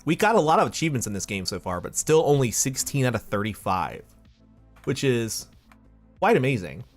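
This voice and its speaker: A man's voice: mid-range voice, big pitch swings, brisk, faint music behind. A man streaming a video game live, reading chat aloud and giggling as he plays. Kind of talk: casual gaming livestream chat.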